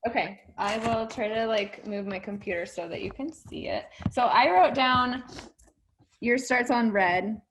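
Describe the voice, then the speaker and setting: A woman's voice: a little high, measured pace, a little hiss or hum, poor audio. Encouraging woman coaching over a video call. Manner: warm-hearted, encouraging, laughs often, gets emotional. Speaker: mindset coach leading a group session.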